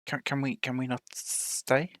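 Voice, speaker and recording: A woman's voice: extremely low pitch, level tone, moderate pace, no room sound, studio quality. A woman playing a tabletop role-playing game, answering in a hesitant, stammering way. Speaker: player. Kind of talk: tabletop role-play chat.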